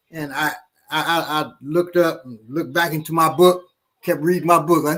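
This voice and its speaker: Animated storytelling man from Chicago. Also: fairly high pitch, normal speed. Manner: animated storyteller acting out loud voices. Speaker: podcast host. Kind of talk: casual chat.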